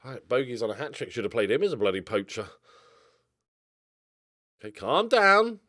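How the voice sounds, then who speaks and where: A young man giving casual gameplay commentary, excitable, swinging from mumbled asides to loud outbursts. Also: medium pitch, normal speed, no room sound, clean studio sound. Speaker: gaming YouTuber.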